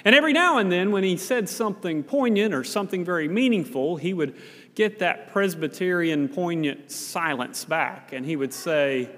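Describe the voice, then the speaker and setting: A man's voice: sits high, animated, normal speed, a bit bright. A male pastor, preaching a sermon in a folksy, conversational storytelling way. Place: church sanctuary. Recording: long reverb of a church hall.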